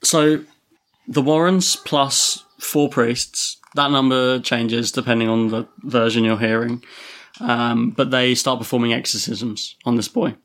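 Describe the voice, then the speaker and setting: A man's voice: medium pitch, flat delivery, unhurried, fairly bright tone. Man telling a story on a podcast. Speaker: podcast co-host. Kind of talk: casual chat, storytelling.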